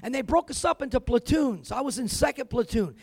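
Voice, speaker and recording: Male preacher, really high gravelly voice, punchy storytelling sermon w/ lots of amens. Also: expressive, brisk, no echo. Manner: emphatic storytelling, punctuated with "amen" and "man". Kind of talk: sermon with personal testimony.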